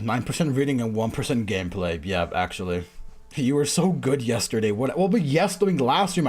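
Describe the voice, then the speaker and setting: A man streaming casually, chatty and self-mocking, laughing at himself often as he reads and greets his chat. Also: mid-range voice. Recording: faint music underneath.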